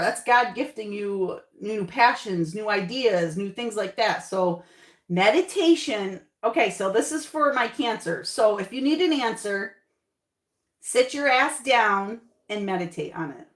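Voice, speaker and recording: A woman's voice: medium pitch, lively intonation, a little slow. Chatty tarot-reading woman, echoey room. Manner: chatty, reassuring, repeats phrases. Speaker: tarot reader. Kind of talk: casual tarot reading to camera.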